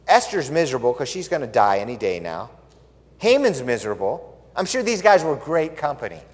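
Animated man preaching in an echoing hall. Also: mid-range voice, fairly quick. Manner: animated, conversational, asks the audience questions. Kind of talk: sermon storytelling. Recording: echoey hall.

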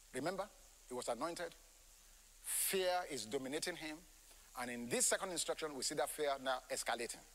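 Animated, high-voiced male preacher. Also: long reverb tail, a little hiss or hum, low-quality recording. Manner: animated, emphatic, rhetorical questions. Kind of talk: sermon.

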